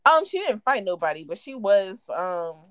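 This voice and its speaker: A woman's voice: normal speed, clean tone, no room sound. A young woman co-hosting a podcast, telling gossip stories in casual chat and mimicking the people in them. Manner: animated gossiping, mimics others in high and low voices. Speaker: podcast co-host.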